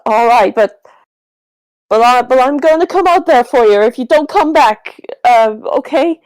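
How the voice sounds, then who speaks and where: A woman's voice: sits high, animated, unhurried, a little mellow, no echo, poor audio. Woman doing a stammering, touchy young man. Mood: resigned. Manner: stammering, outbursts then apologies. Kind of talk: tabletop game character voice.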